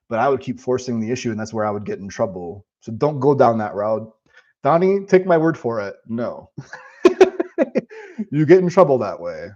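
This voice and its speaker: A man's voice: mid-range voice, darkish tone, highs cut off. A man live-streaming and answering chat in a casual, profane, rambling way, talking about spiritual ideas.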